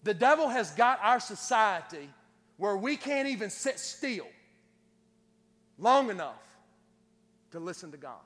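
A man preaching a sermon, his voice very high and ringing with a long hall reverb. He restarts and repeats phrases, stammering his way into a preacher's rising cadence. He sounds like a pastor speaking to his congregation. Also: sing-song, unhurried, pauses often, a bit bright.

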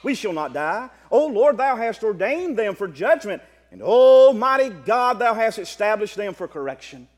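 A Baptist preacher, a man, giving a sermon. He moves from quiet asides to loud exclaiming and often repeats words. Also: sits high, very animated, normal speed, few pauses, in a large hall.

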